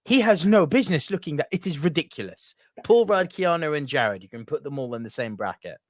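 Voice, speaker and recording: Man, playful and profane, podcast co-host, very expressive pitch, dry close sound. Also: a little fast, no room sound. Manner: joking, swears freely, exaggerated and playful. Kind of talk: casual movie chat.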